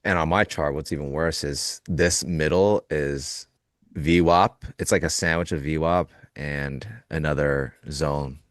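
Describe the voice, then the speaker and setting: A man's voice: extremely low pitch, unhurried, dry recording, clean studio sound. A man co-hosting a live trading show, talking casually and jokingly about the market, acting out little quoted lines. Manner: animated, jokey, acts out quoted lines.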